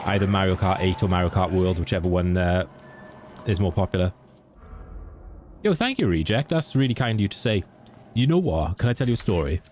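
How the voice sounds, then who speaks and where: A man's voice: deep voice, animated, fairly quick, long pauses, a little mellow, soft background music. A man with a Welsh accent, a game streamer chatting casually and jokingly with his viewers. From Wales. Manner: chatty, joking, laughs easily. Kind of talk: casual chat with viewers while gaming.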